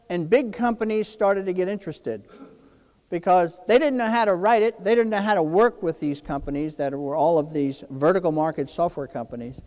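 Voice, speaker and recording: A man from New Jersey, in his sixties, gives a keynote address in a large hall with a voice that sits high. He tells a personal story with animation, voicing the dialogue himself.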